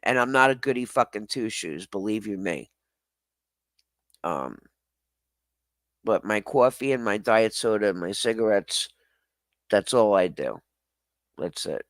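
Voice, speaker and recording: Man host, unhurried and profane, self-mocking livestream chatter, dry close sound. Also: fairly low pitch, lively intonation, fairly bright tone, no room sound. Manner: rambling, profane, self-deprecating, laughs often. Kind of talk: casual livestream chat.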